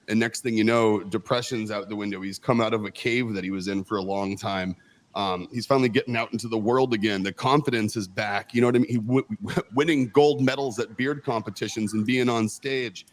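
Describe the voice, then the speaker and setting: A man's voice: lowish voice, steady tone. A man co-hosting a livestream, talking casually and often restarting his words. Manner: halting, repeats words when thinking aloud. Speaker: co-host. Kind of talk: livestream chat.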